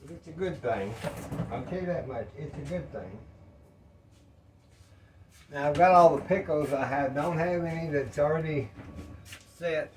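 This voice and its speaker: Man, home cooking vlogger, slow unhurried folksy patter, faint room hiss behind. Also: on the high side. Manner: folksy, rambling, talks to viewers as y'all. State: out of breath. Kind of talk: casual cooking talk to viewers. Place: home kitchen.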